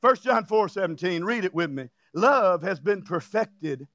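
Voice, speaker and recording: High-voiced, gravelly preacher man. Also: lively intonation, measured pace, highs cut off. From Louisiana. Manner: emphatic preaching, bursts of shouting, jokey asides and chuckles. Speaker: pastor. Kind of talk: sermon.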